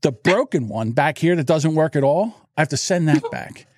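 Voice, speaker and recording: A man co-hosting a podcast, telling animated stories in casual chat and acting out the people in them. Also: on the high side, normal speed, no room sound, studio quality. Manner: animated storyteller, acts out voices in anecdotes. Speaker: podcast co-host. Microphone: studio mic through a mixer.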